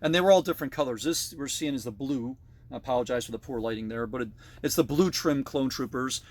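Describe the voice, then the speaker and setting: A man's voice: mid-range voice, quick pace. A middle-aged man casually narrating a tour of his collection in a basement, with frequent fillers and self-corrections. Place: basement room.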